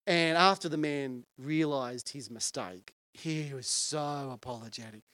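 A man's voice: mid-range voice, a little slow, fairly bright tone, dry recording. A male pastor preaching a sermon in an earnest, conversational way and putting questions to his listeners.

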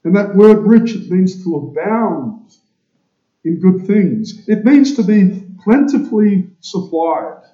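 A man delivers a sermon in a very dark, mellow voice, pitched slightly high for a man. He speaks slowly and with emphasis, asking the congregation question after question. The recording is echoey and a little dull, as if taken in a church. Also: big pitch swings. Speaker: preacher.

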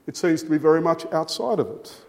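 A man preaching a sermon, emphatic, with his voice rising and falling for stress and measured pauses. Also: a little high, lively intonation, a little mellow. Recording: long hall reverb.

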